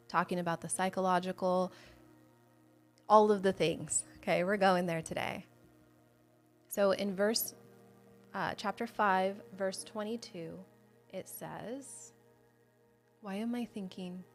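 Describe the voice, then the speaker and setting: A woman's voice: medium pitch, fairly even intonation, takes it slowly, pauses often, soft background music. A woman hosting a livestreamed devotional Bible teaching, speaking earnestly and conversationally to her viewers and candidly sharing her own struggles of faith. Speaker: host of a Bible study show.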